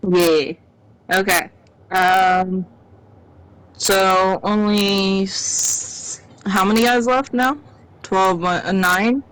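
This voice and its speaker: A woman's voice: mid-range voice, extremely slow, pauses often, a bit bright, a little hiss or hum, poor audio. A woman playing a tabletop game, thinking aloud and hesitating as she talks. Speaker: player. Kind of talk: casual game play.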